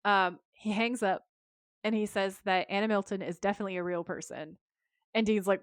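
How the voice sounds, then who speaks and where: A woman co-hosting a podcast, recapping an episode in casual chat and acting out the characters' lines with quick shifts of voice. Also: mid-range voice, fairly even intonation, no room sound, studio quality. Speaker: podcast co-host.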